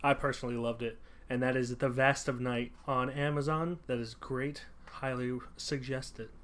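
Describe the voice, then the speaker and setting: A man's voice: medium pitch, fairly even intonation, normal speed, fairly bright tone. Rambling man on a podcast. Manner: rambling, many fillers and restarts. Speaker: podcast co-host. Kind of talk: casual movie chat. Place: home room with poor acoustics.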